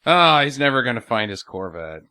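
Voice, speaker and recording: A man's voice: medium pitch, moderate pace, clear, resonant tone, no echo. A man co-hosting a casual movie podcast, retelling the plot with jokes and laughs. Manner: jokey, lively storytelling with laughs. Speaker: podcast co-host. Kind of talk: casual movie review chat.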